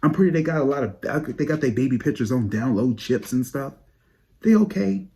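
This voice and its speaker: A man giving sassy, profane gossip commentary to his viewers, dropping to low mutters and jumping up to high exclaims. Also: a little fast, a little mellow. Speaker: psychic tarot channel host.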